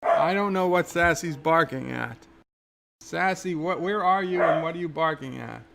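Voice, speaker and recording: Gravelly man hosting a casual livestream. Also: on the high side, moderate pace, heavy background noise. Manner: reads viewer chat aloud, chatty with frequent restarts. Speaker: livestream host.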